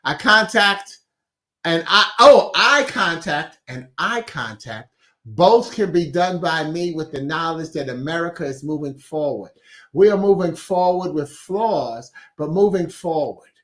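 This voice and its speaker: Bright high-voiced man giving a pep talk. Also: expressive, measured pace. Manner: chatty, laughs at his own wordplay, reads viewer comments. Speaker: host of a weekly inspirational message. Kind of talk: casual motivational talk.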